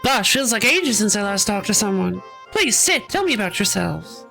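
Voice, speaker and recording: A woman's voice: medium pitch, sing-song, normal speed, vocal fry, sharp tone, faint music behind, exaggerated voice. A woman reading the lines of an easygoing, chatty male traveler who has lost his memories.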